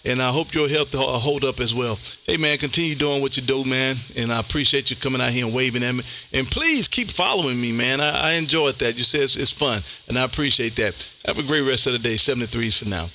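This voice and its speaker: Guy on a ham radio mic, real bright voice, keeps saying man, faint hiss behind. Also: on the high side, a little fast. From Texas. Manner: laid-back, says "man" often. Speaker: ham radio operator streaming live. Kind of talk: casual radio chat and CQ calls.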